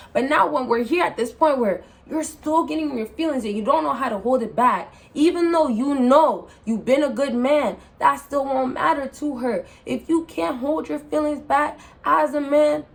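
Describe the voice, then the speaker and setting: Blunt young woman lecturing. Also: on the high side. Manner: blunt, preachy, repeatedly apologetic. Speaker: vlogger giving dating advice. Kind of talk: casual advice monologue. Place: indoors, seated in a rolling chair.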